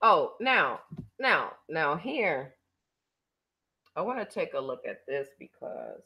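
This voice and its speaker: A woman's voice: very deep voice, a bit bright. A woman hosting her own channel, giving blunt, profane, mocking commentary in a casual chatty style. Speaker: channel host.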